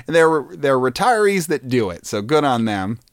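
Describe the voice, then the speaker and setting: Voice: mid-range voice, moderate pace. A podcast co-host in casual comedic chat, giggly and egging on the jokes. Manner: animated, giggly, eggs on the joke.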